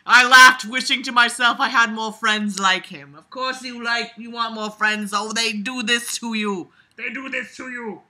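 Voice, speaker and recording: At home, a woman reads a web story aloud while playing with her cat, adding sarcastic remarks and laughter. Her voice is on the high side, pushed and bright, fairly even in intonation, unhurried and with hardly any pauses.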